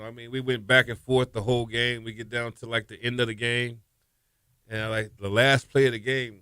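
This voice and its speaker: Brief: middle-aged male ex-quarterback guest, crisp and resonant, animated storyteller, dry close mic. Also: medium pitch, dry recording. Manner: animated, laughs while telling stories. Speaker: former college quarterback, guest. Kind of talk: casual interview storytelling.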